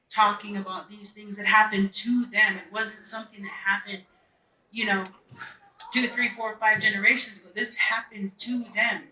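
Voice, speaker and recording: A man's voice: high voice, bright, forceful tone. A man telling an earnest personal story at a live event, repeating phrases for emphasis. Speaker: festival speaker. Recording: echoey, mic at a distance.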